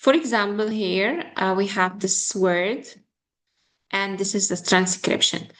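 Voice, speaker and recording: A young woman teaching an online English pronunciation lesson. She halts often with fillers and slowly repeats words as models. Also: medium pitch, fairly bright tone.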